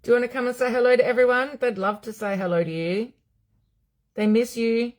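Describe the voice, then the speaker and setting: A woman's voice: on the high side, steady tone, fairly quick. A middle-aged Australian woman, a psychic medium hosting a live stream from home, chatting casually, bluntly and with plenty of swearing while answering viewers' comments.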